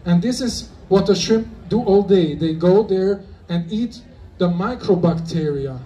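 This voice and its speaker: German-accented man, high voice, playful rambling asides, distant mic, faint hiss. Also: unhurried, warm tone. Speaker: conference speaker. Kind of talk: casual live talk to an audience. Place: convention hall, live audience.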